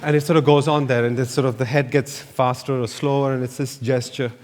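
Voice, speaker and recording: A man's voice: medium pitch, flat delivery, a little fast, a little mellow, slight background noise. A man, an architect giving a slide lecture, telling loose anecdotes full of "you know" fillers. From India. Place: lecture hall. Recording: echoey lecture hall reverb.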